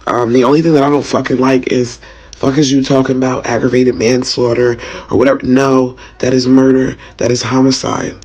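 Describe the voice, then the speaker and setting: Man, mid-pitch, husky; emotional vlogger, halting then furious and swearing. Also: little pitch movement, darkish tone, dull audio. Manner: rambling, hesitant, angry and profane. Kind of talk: emotional casual vlog talk.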